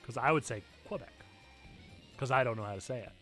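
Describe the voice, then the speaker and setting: A man hosting a live game stream, chatting casually and yelling excitedly at what happens on screen. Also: medium pitch, a little fast, faint music behind. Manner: excitable, yelps and shouts at the game. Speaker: streamer host.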